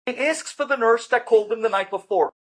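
A man, a rabbi, telling a story in a lecture, animated and acting out the dialogue. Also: extremely high pitch, a little fast, husky.

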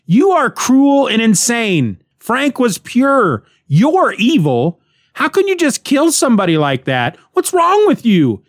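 A man's voice: extremely high pitch, wildly swooping pitch, slow pace, no echo, studio quality, pitched above the performer's own voice, full character voice. A man voicing a distraught young woman who accuses a killer in a raised, upset voice.

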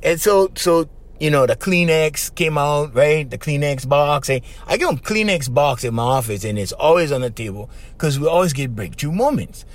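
Man, middle-aged, podcast host, fairly high voice, animated pitch, chatty. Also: moderate pace. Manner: chatty, frequent "okay?" and "right?" tags. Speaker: podcast host and life coach. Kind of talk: storytelling podcast monologue.

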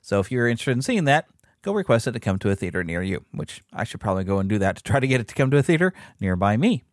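A man's voice: lowish voice, sing-song, rapid-fire, dry recording, clean studio sound. A man hosting a fan podcast who chats casually about upcoming films and reads their descriptions aloud, with frequent fillers and restarts. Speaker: podcast host. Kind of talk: casual movie news commentary.

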